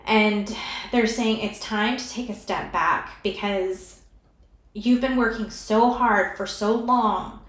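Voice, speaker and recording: A woman reads tarot cards for her viewers, talking slowly and gently as she speaks straight to them. She sounds emotional and close to tears. Her voice carries a noticeable room echo. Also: mid-range voice. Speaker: tarot card reader. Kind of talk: pick-a-card tarot reading.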